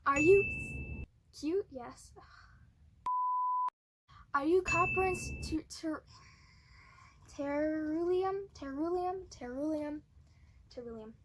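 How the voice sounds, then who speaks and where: A woman's voice: high voice, slow pace, long pauses, very noisy. A woman doing flubbed takes of a cosplay skit, giggly and flustered as she restarts her lines.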